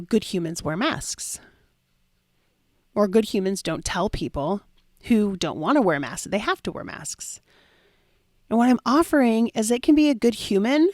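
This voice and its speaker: A woman's voice: medium pitch, a little mellow, no echo, clean studio sound. A young adult woman hosting a solo podcast as a life coach, telling a story with lots of fillers and dramatic quoted asides.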